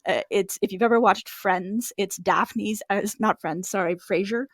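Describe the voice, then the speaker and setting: A woman's voice: mid-range voice, moderate pace, no echo. An American woman from Boston, a guest author on a video call, talking casually with wry, easygoing humor. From Boston, Massachusetts. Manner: wry and easygoing, with dry asides. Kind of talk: casual interview chat.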